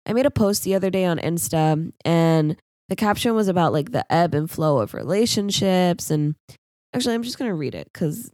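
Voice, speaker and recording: A woman's voice: lowish voice, gravelly, dark tone, dry recording, studio quality. A young woman hosting a solo podcast, rambling casually and laughing at herself. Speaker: podcast host.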